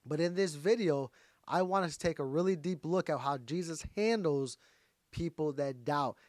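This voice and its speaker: Male Bible teacher, conversational sermon delivery, upper-pitched, dry recording. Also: moderate pace, a little mellow, no room sound. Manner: conversational, talks straight to viewers.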